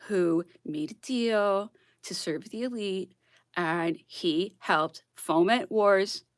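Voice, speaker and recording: A woman's voice: mid-range voice, a bit bright, dry recording. Worked-up woman ranting, dry sound. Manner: worked-up, repeats "okay?", laughs between points. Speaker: blogger. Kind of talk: casual rant to camera.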